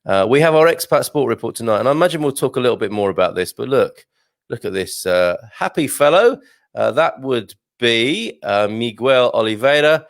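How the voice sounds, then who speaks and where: A man's voice: mid-range voice, big pitch swings, a little fast, no room sound, studio quality. A man hosting a live news and quiz show, chatty and jovial, with lots of fillers and chuckles, a little sluggish this morning. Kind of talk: casual live-stream hosting. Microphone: desktop mic at a computer.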